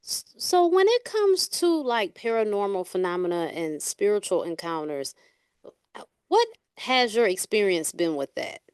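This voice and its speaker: A woman's voice: mid-range voice, very animated, measured pace, a little mellow, smooth, no room sound, clean studio sound. A woman host asking a guest questions casually, with "like" and "uh" fillers. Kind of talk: interview questions.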